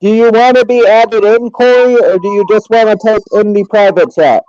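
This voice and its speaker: A man's voice: high-pitched, steady tone, moderate pace, a little mellow, no echo. A man hosting a stream, chatting casually and reacting in a laid-back, amused way. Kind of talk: casual chat. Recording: dry, dull lo-fi mic.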